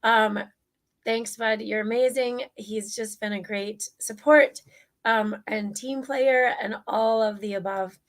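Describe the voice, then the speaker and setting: A woman's voice: a little high, fairly even intonation, takes it slowly. A woman co-hosting an online talk show, opening it in an upbeat, casual way with frequent "um"s. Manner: upbeat, filler-heavy. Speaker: co-host.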